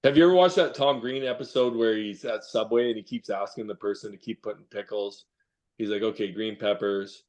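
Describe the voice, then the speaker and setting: Man, forties, podcast host, casual chat, laid-back storytelling, mid-pitched voice. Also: a little fast. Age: 40s. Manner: relaxed storytelling, swearing freely.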